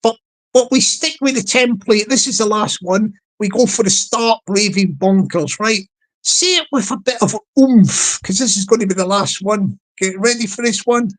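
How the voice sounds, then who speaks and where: A man's voice: sits high, poor audio. A man on a casual live stream, playfully repeating a catchphrase and coaxing his chat to join in. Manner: repetitive, playful, drawn-out delivery.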